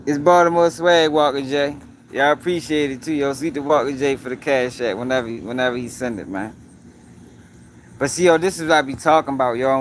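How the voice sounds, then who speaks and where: A man's voice: fairly high pitch, a little hiss or hum. A man hosting his own news commentary livestream, talking emphatically, repeating points and speaking straight to his viewers. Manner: emphatic, repetitive, addresses viewers directly.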